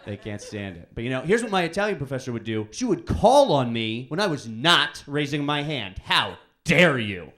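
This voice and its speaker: Deadpan young man doing stand-up. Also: mid-range voice, brisk, few pauses. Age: young adult. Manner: deadpan, absurd one-liners with playful put-on voices. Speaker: stand-up comedian. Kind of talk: stand-up comedy set. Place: student show stage before a live audience.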